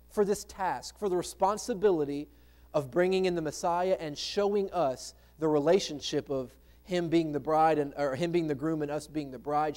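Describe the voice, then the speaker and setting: A man's voice: fairly high pitch, a little mellow. A man preaching a sermon as pastor, in a conversational way with rhetorical questions to the congregation. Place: church sanctuary.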